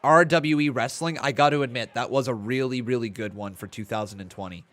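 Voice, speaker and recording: Medium in pitch with a fairly bright tone, this man talks a little fast as he runs a watch-along stream. He's in his twenties, reads the chat aloud, calls play-by-play, and comes across a bit tired, with the occasional yawn.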